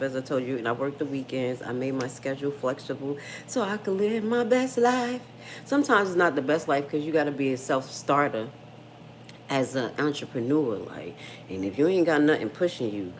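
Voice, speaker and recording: A woman's voice: low voice, a little hiss or hum. A middle-aged woman hosting a casual livestream, frank and slangy, talking straight to her viewers and reading their comments. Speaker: livestream host.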